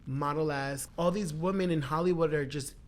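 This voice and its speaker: A woman's voice: low voice, a little fast. A woman co-hosting a podcast, chatting casually with lots of slang and frequent laughter. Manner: animated, slangy, laughs often. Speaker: podcast co-host. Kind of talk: casual chat.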